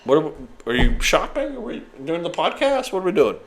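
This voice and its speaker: A man's voice: fairly high pitch, brisk. A man co-hosting a casual podcast, mocking a TV show and acting out its people. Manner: animated, mocking, acts out quotes. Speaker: podcast co-host. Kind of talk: casual chat.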